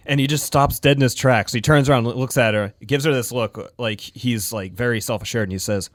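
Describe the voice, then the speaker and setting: A man's voice: mid-range voice, brisk, hardly any pauses, no echo, clean studio sound. A man co-hosting a casual podcast chat, telling rambling anecdotes and laughing often. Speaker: podcast co-host.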